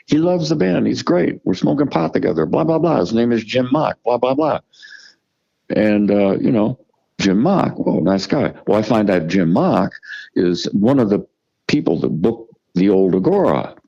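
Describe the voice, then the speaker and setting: Gravelly older man telling blunt stories. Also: lowish voice, lively intonation, normal speed, mellow, lo-fi sound. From United States. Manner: profane, emphatic, restarts and repeats words. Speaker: musician guest. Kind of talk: storytelling interview.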